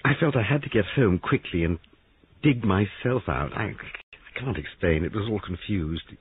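A man's voice: on the low side, animated, breathy edge, pitched above the performer's own voice. A man reading aloud and voicing a nervous young army deserter who stammers and halts. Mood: shaken. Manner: halting, stammering, raised voice. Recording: dry, tinny phone-like sound.

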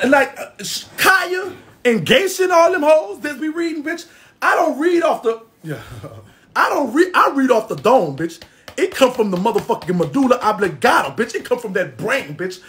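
An internet personality with a very high-pitched, slightly bright voice delivers a brash, boastful comedic roast. The rant is profane, with constant swearing and frequent laughter.

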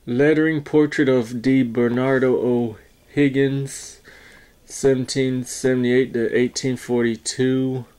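A man talking casually and haltingly as he reviews a coin, stopping to correct himself. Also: mid-range voice, level tone, a little mellow, smooth. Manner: slow, halting, unsure talk with fillers and self-corrections.

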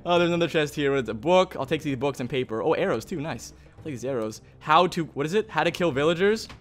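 An excitable man with a fairly high voice narrates his game as he plays. He talks in a chatty, think-aloud way, hosting a let's play video. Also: quick pace. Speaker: gaming video host.

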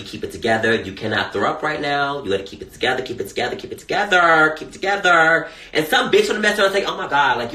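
Man on a phone livestream, sassy and swearing, bright lively voice, echoey room with faint noise. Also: mid-range voice. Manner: animated, sassy, cusses a lot. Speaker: social media personality. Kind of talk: casual livestream chat.

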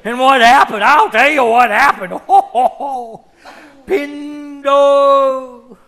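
A man's voice: extremely high pitch, slow pace, fairly bright tone, full character voice. A man on stage playing a rambling hundred-year-old backwoods man who cackles and retells the same yarn in old-timer slang. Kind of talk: one-man stage comedy.

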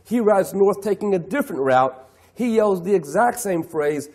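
Middle-aged male keynote speaker, husky and animated, plays to the room. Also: high-pitched, normal speed. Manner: animated, acts out clients' voices, asks the audience questions. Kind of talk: lively keynote talk to an audience.

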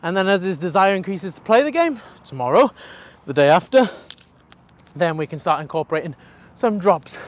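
A young man, a dog trainer explaining his work in an energetic, chatty way with casual swearing. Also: high-pitched, moderate pace.

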